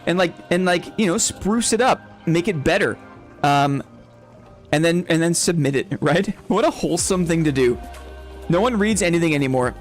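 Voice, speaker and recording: A man's voice: fairly high pitch, animated, moderate pace, soft background music. A young man hosting a casual live stream who rambles, laughs often and keeps asking "right?". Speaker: game streamer. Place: home streaming setup.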